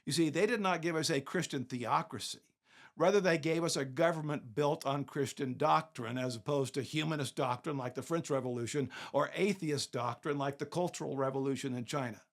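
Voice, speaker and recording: A man's voice: a little high, brisk, gravelly. A man hosting his podcast, delivering scripted commentary with emphatic, rhetorical questions put to the listener. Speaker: podcast host.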